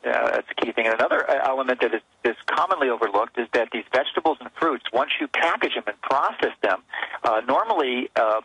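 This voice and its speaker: A man's voice: medium pitch, animated, quick pace, gravelly, a bit bright, husky, no room sound, low-quality recording. A man appearing as a physician guest on a radio show, earnestly explaining health advice with frequent restarts.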